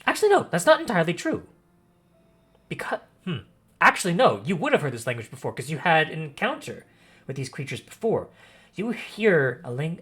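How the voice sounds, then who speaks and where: A man narrating a tabletop game as game master, expressive and pausing often to correct himself. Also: medium pitch, breathy edge. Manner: expressive narration with frequent self-corrections and fillers.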